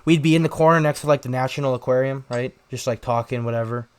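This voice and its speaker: A young man co-hosting a podcast, telling a rambling story in casual chat and shouting out the lines he quotes. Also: mid-range voice, quick pace, smooth. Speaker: podcast co-host.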